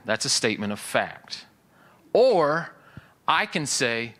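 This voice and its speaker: A man preaching in a church with a bright, forceful tone. His voice sits a little high for a man. He explains things conversationally and drops in casual asides while he teaches. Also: expressive, unhurried. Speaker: pastor. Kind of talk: sermon.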